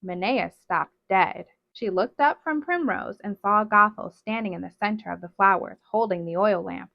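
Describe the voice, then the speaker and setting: A woman reading a novel aloud in steady, dramatic narration, on a dull, dry recording. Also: mid-range voice, moderate pace, gravelly, dry recording. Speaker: storybook reader.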